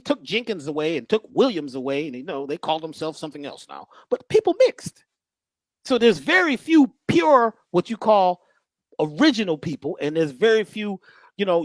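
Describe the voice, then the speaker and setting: A man speaking as a guest in animated storytelling talk that is folksy and joking. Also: high voice, normal speed, dry recording. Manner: lively, joking, preacherly, folksy.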